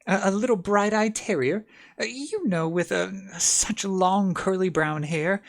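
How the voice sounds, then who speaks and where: A man voicing a polite, eager little girl in a high, halting voice with stammers. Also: gravelly.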